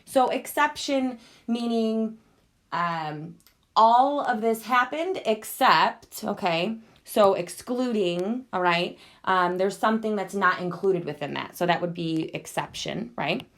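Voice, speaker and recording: A woman teacher talks her class through an online lesson at a mid pitch. She explains things one step at a time and keeps pausing to check in with her listeners. She sounds patient and instructive. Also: a bit bright. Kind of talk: recorded e-learning lesson over a screen walkthrough.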